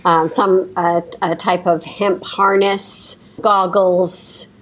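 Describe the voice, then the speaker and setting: A woman improvising an earnest, deadpan guest author in a comedy interview. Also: lowish voice, slow, slightly rough, poor audio.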